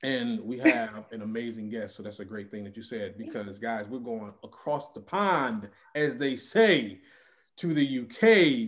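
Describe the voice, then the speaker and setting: A man hosting a casual podcast interview, animated and chatty. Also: medium pitch. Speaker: podcast host.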